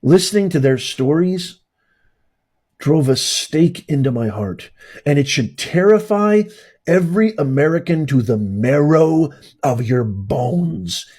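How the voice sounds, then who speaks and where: A man's voice: on the high side, lively intonation, slow, a little mellow, slightly rough. A man hosting a political commentary livestream, ranting in a heated, indignant way. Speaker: host.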